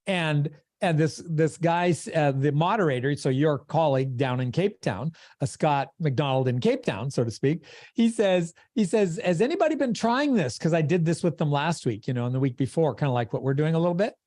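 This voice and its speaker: A man's voice: fairly high pitch, normal speed, a little mellow, dry recording, clean studio sound. A man giving a motivational coaching talk on a video call, with an emphatic, preacher-like cadence. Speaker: sales coach.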